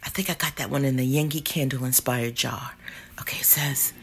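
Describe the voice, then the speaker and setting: A woman reviewing candles in a casual vlog, slangy and dramatic, cussing and swinging from mutters to loud outbursts. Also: rumbling low, steady tone, a little fast, faint music behind.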